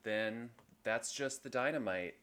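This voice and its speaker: A man's voice: medium pitch, measured pace, a bit bright, clean tone. Dry-joking man co-hosting a podcast. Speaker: podcast co-host. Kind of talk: casual chat.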